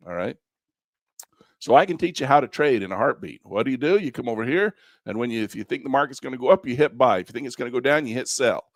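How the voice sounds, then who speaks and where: A man with a gravelly voice teaches a live online trading class in a folksy, repetitive way, with frequent chuckles. His pitch swings up and down with emphasis. The sound is close and dry, with no room echo. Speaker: trading instructor.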